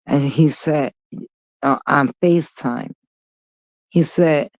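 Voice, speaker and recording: A woman in a slow, rambling vlog monologue, blunt and swearing freely as she drifts off topic and back. Her voice sits dry and close, with no room around it, on a dull, lo-fi recording. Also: low-pitched, creaky, a little mellow, no echo. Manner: blunt, profane, digressive. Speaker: vlogger.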